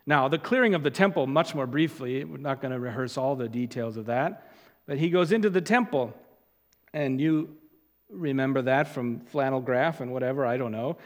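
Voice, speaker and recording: A man preaching an expository sermon, stressing key words loudly and dropping to quiet asides. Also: mid-range voice. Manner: emphatic, deliberate, swings from loud stresses to quiet asides. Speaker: pastor. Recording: long hall reverb.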